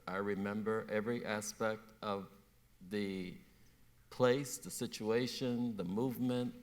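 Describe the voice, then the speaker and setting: A man, a painter, speaking on a festival panel in a reflective, measured way. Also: lowish voice. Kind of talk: panel conversation. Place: festival stage.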